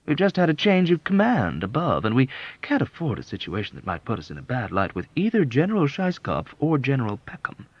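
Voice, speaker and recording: A man's voice: medium pitch, wildly swooping pitch, fairly quick, no room sound, pitched above the performer's own voice. A man reading an audiobook and voicing a sly, sardonic middle-aged male colonel who mocks with ironic sweetness. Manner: smooth, mocking, ironically sweet. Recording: dull, dry lo-fi audiobook.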